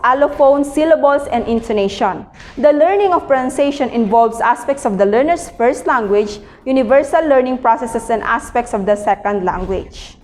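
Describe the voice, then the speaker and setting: A woman reading a textbook aloud as a lecture, in a careful, measured way with the odd slip. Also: fairly high pitch, in a large hall. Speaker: teacher presenting a reading.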